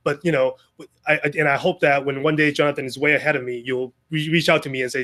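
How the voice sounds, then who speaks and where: A man's voice: on the high side, fairly even intonation, fast, a bit bright. A man giving an informal Sunday message to a small gathering, talking in a conversational way with many restarts and asides. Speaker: speaker sharing a Sunday message. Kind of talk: informal sermon.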